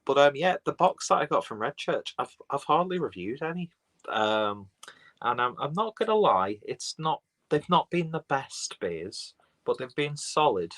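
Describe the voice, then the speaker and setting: A man's voice: medium pitch, very animated, measured pace, a bit bright, rough recording. A man chatting casually on a live beer stream, rambling and reading out viewer comments from his phone.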